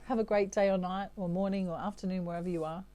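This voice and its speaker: An Australian woman giving a chatty tarot reading, often pausing on "okay" between messages. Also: mid-range voice, fairly even intonation, dark tone. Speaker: tarot reader. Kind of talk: channeled tarot reading monologue.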